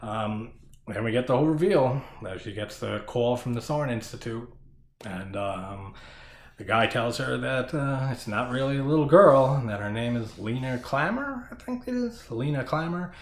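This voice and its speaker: A man's voice: mid-range voice, animated, moderate pace, roomy sound. A man giving a casual horror movie review who laughs often, swears casually and rambles.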